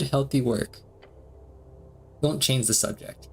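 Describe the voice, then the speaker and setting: A man streaming a game, reading its dialogue aloud between quick reactions and frequent laughs. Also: medium pitch, slight background noise. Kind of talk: let's-play commentary reading game text aloud.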